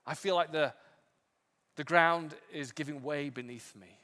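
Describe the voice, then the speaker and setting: A male pastor preaching a sermon with impassioned emphasis, swinging from strong peaks to quiet, low passages. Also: measured pace, in a large hall. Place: church sanctuary.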